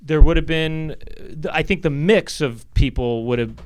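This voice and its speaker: A man in his forties hosting a comedy podcast, talking in a rambling, halting way with many fillers. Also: on the high side, smooth, no echo. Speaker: podcast host. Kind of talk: casual chat.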